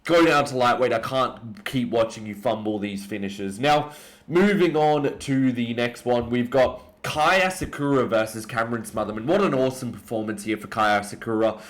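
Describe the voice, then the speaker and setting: A young Australian man giving an opinionated, excitable casual breakdown of fights, often jumping up in pitch for emphasis. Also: moderate pace. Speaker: MMA commentator.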